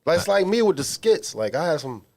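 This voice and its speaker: Animated man telling comedic stories. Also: fairly high pitch, brisk. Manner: animated storyteller, slangy and emphatic. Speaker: podcast co-host. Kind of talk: casual comedic chat. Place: small studio.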